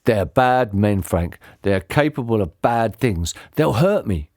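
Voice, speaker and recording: A man's voice: on the low side, expressive, unhurried, darkish tone, no echo, clean studio sound, pitched below the performer's own voice. A man voicing a bumbling, nervous father in a storybook reading, with a stammering, evasive manner. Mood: flustered.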